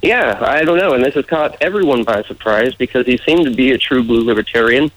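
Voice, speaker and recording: A man's voice: mid-range voice, expressive, brisk, poor audio. A man with a muddled mixed accent, a political candidate answering radio interview questions in an easygoing way. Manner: easygoing, laughs off teasing.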